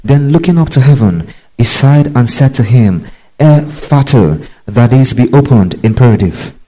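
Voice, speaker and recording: A man's voice: mid-range voice, normal speed, dark tone, poor audio. A man preaching a Bible teaching, emphatic and repetitive, checking in with his listeners. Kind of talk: sermon-style Bible teaching.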